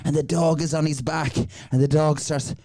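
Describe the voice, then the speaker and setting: A man's voice: a little high, normal speed. A man telling an improvised comic story on a podcast, rambling and acting out little voices. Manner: rambling, animated, acts out voices. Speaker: improv comedy podcast guest.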